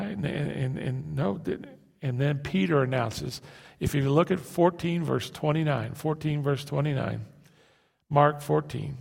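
A male pastor preaching a sermon in a halting way, repeating words and asking rhetorical questions. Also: on the high side, gravelly, in a large hall.

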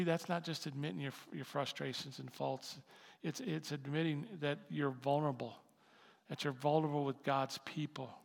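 A man preaching a sermon as pastor, impassioned and building to loud emphatic peaks. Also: fairly high pitch, gravelly. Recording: long hall reverb.

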